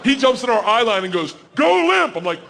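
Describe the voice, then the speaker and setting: A man in his forties doing stand-up storytelling, loud and animated, yelling the quoted lines. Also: sits high, quick pace, in a large hall, a crowd in the background, noisy background. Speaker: stand-up comedian. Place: comedy stage.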